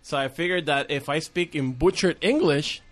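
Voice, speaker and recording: A man's voice: a little high, normal speed, faint music behind. A man from Puerto Rico with a Puerto Rican accent and Spanish as his first language, telling a long rambling story in casual chat, swearing and acting out what people said.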